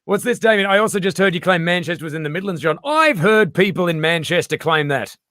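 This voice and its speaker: Aussie bloke chatting, bouncy pitch all over, swears a lot, dead dry mic. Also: male voice, quick pace, no echo. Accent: Australian. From Australia. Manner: animated, swears freely, acts out voices. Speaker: comedian guest. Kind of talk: casual chat.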